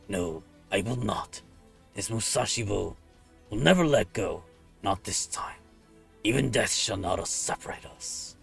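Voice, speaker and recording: A man voicing a loyal, solemn warrior monk with a gravelly voice, reading game dialogue in formal, deliberate speech. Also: fairly low pitch, animated, faint music behind, exaggerated voice. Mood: resolute.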